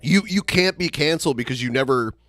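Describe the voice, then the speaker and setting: A man's voice: on the high side, animated, a little fast, fairly bright tone, soft background music. A man hosting a podcast, reacting to clips with dry, sarcastic retorts. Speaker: podcast host.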